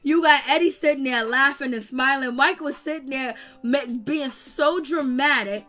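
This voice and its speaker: Brief: scolding woman commentator, casual slang, sharp bright voice. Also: high-pitched, normal speed. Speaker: reality TV recap commentator.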